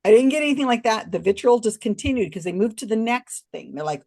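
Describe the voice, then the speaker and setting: Animated woman telling a story. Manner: expressive, swings pitch widely when recounting others; talks in quick restarts and asides. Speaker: podcast guest. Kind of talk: animated storytelling in a casual interview.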